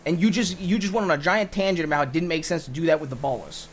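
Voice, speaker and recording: A man's voice: a little high, fast, a little hiss or hum, natural voice. A man voicing an exasperated young man in an improvised game roleplay, pleading with his partner and tripping over his own restarts. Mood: frustrated. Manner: pleading, repeats himself, stumbles over restarts. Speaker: roleplay character.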